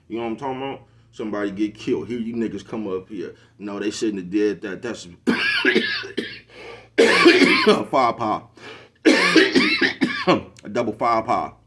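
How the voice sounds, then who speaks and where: A man's voice: fairly low pitch, darkish tone. A middle-aged man, giving a preachy casual monologue to camera and constantly asking if you know what he's talking about. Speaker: social media commentator.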